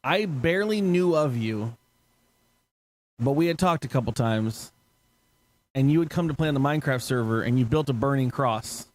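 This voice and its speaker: A man's voice: mid-range voice, animated, moderate pace, long pauses. Podcast host guy, medium voice, rambly storytelling, laughs a lot, swears. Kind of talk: casual chat.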